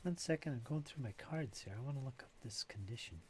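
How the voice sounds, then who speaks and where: A man narrating and explaining rules as game master in a live-play tabletop game, casual and steady. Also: medium pitch, fast talker, a little hiss or hum.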